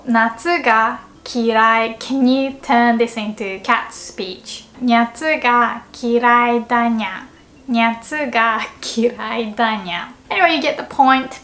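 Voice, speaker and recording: A woman's voice: on the high side, fairly bright tone. A young woman teaching in a casual video lesson, playful and laughing often, mimicking cat and anime voices. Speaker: Japanese language teacher.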